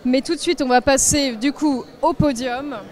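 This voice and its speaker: High-voiced French woman presenting live. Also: steady tone, normal speed, darkish tone. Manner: chatty, self-deprecating, stumbles over names. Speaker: on-site event presenter. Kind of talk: live podium ceremony presenting.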